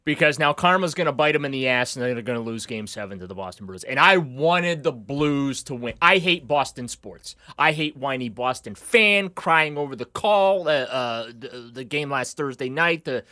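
Brief: male sports talk host, bright forceful voice, sarcastic ranting. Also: mid-range voice, animated, moderate pace, few pauses. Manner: sarcastic, ranting, dry jabs. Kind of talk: casual sports talk banter.

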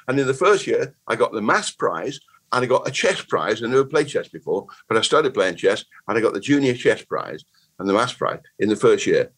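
An older man in his eighties speaks with a Bristol lilt and a husky, slightly rough voice at a middling pitch. He tells stories as a guest in a loose, rambling way, often restarting words mid-thought. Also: a bit bright, low-quality recording. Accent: Bristol English. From Bristol, England. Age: 80s. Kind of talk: casual conversational storytelling.

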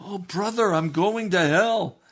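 Man putting on a terrified sinner, pitched high and loud, wailing pleas. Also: expressive, slow pace. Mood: desperate pleading. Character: desperate repentant man, pleading, terrified.

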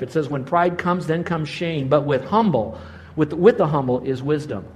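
A man's voice: on the high side, darkish tone. A man preaching a sermon, moving through numbered points to an emphatic call for prayer. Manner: rising to emphatic exhortation. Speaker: pastor.

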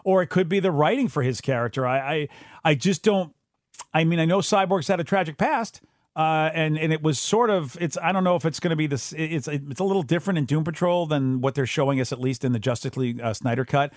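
A man co-hosting a casual podcast chat, his voice pitched a touch high. He rambles and hesitates, restarting sentences as he goes. The sound is dry and close, with no room in it. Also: brisk, no room sound. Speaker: podcast co-host.

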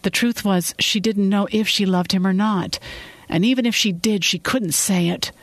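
A narrator reading a fiction episode in calm, steady storytelling. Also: mid-range voice, moderate pace, no room sound.

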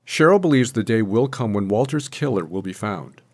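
A man reporting for radio, reading scripted news narration in a measured, even way. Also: on the low side.

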